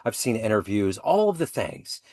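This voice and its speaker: A man hosts an interview in a casual, encouraging way, nodding along with quick "yeah"s and "okay"s. His voice sits fairly low. The sound is dry and close, with little room echo. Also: sing-song, darkish tone. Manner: encouraging, frequent short affirmations. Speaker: interview host.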